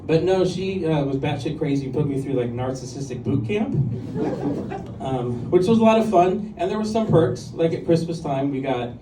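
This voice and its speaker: A man in his fifties tells stories in a stand-up set, chatty and self-deprecating, with plenty of ums and likes. His voice sits a bit high for a man. The recording is roomy and taken from well back in the club, with audible room noise behind him. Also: expressive, moderate pace, recorded from a distance. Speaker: stand-up comedian. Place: comedy club stage with audience. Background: audience laughter and room ambience.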